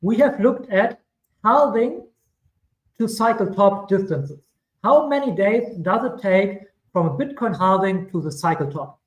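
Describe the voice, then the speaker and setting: A man's voice: high voice, animated, measured pace, roomy sound, rough recording. German-accented man talking through charts. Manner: rambling, self-correcting, chatty asides. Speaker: crypto streamer. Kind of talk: casual chart commentary.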